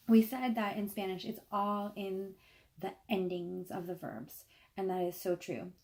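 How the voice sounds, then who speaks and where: A woman giving a patient spoken grammar lesson, slowing down to stress key words. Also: fairly low pitch, mellow. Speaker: language teacher.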